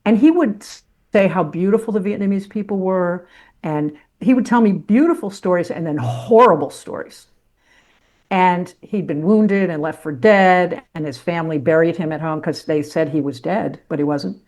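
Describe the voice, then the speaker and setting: A woman's voice: lowish voice, normal speed, darkish tone. An older woman, a former sportscaster turned teacher, telling her life story as a podcast guest in a blunt, salty, self-mocking way. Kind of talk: candid personal storytelling.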